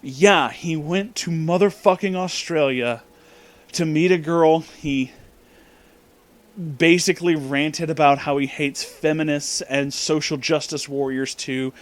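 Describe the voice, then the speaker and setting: A man's voice: on the high side, steady tone, unhurried. Profane incredulous male storyteller. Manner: incredulous, swings into loud disbelieving outbursts. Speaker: storytelling vlogger. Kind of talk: casual profane storytelling rant.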